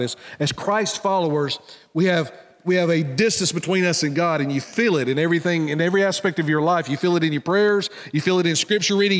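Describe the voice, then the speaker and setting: A pastor giving an earnest sermon, swinging between loud emphatic lines and hushed, low ones. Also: male voice. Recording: church hall reverb.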